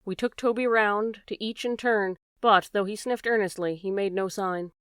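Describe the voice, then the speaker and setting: A woman narrating a classic detective story as an audiobook reader, steady and even. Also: mid-range voice, moderate pace, clear, resonant tone, no echo, studio quality. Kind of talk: scripted narration.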